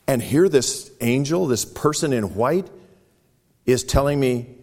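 A man preaching a sermon, retelling a story dramatically, with sudden loud exclamations and quiet, hushed stretches. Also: mid-range voice, lively intonation, unhurried. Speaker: pastor.

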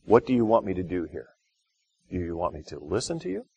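A middle-aged man preaching a sermon in a conversational way, rising to loud, slow, emphatic phrases for stress. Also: low-pitched, very animated, gravelly, breathy edge, dry recording. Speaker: pastor.

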